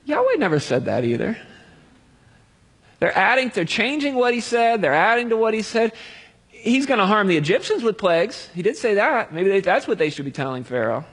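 A man's voice: sits high, sing-song, fairly quick, fairly bright tone, slightly rough, long reverb tail. A man preaching a sermon in a conversational way, with jokey everyday analogies.

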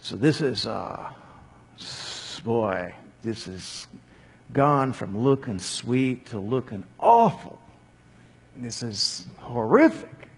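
A man's voice: mid-range voice, husky. A man giving a casual Bible commentary with conversational asides. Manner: conversational with asides and acted quotes. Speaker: Bible teacher. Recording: long hall reverb.

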